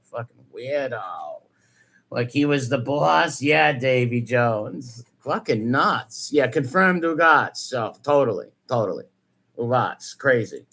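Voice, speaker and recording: A man's voice: medium pitch, a bit bright. A man hosting a live stream, mocking clips he plays with sarcastic, profane commentary. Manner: sarcastic, profane, laughs often. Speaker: host reacting to clips.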